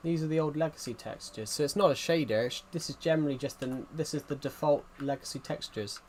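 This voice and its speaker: A man's voice: a little high, fast, a little hiss or hum. Male streamer, casual and repetitive, talks straight to chat; keyboard typing faint in the room. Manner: rambling, repeats phrases, restarts often; talks directly to viewers as "guys". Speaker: gaming streamer.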